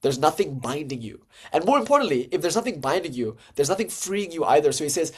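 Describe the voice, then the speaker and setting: A man's voice: a little high, brisk, hardly any pauses, husky. A man giving an informal lecture on Hindu philosophy. He talks in a conversational way, full of "like" and "you know" fillers. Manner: animated, jumps to lively acted-out dialogue.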